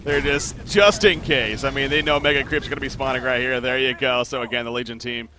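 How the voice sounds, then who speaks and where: A young man casting a live esports match, calling play-by-play in quick, easy, chatty commentary. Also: medium pitch, background noise. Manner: quick play-by-play that builds to excited calls during fights.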